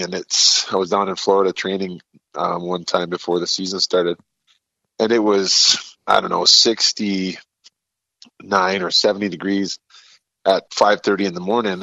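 A man's voice: sits low, moderate pace, gravelly, pushed and bright, dry recording, dull audio. A man as a guest in a casual chat, telling stories in an easygoing way.

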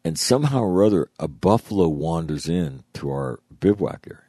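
Older ex-Marine man, very low dark voice, profane storyteller, dry close sound. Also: moderate pace, slightly rough, dry recording. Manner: profane, laughing, animated retelling. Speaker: former Marine. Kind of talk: casual storytelling.

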